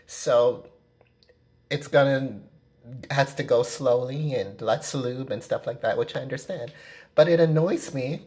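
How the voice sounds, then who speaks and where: A woman's voice: a bass voice, measured pace, dark tone, a little hiss or hum. Picture a woman sitting in her apartment, talking close to the camera in an unscripted vlog. She rambles, circles back on herself, and leans on "you know" constantly, speaking frankly and without polish. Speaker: vlogger. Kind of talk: casual vlog rant to camera. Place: own apartment, indoors. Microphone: camera at close range.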